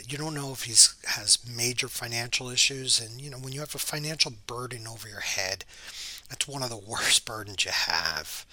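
A man, a real estate agent, telling an anecdote in a chatty, halting way, often dropping to a near whisper. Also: medium pitch, pushed and bright, no room sound.

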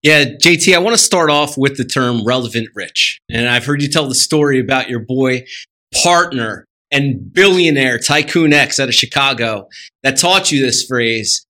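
A man's voice: medium pitch, lively intonation, normal speed, pushed and bright. A man hosting an interview show, reading out a guest's introduction and then asking questions. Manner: formal read-out intro. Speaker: podcast host.

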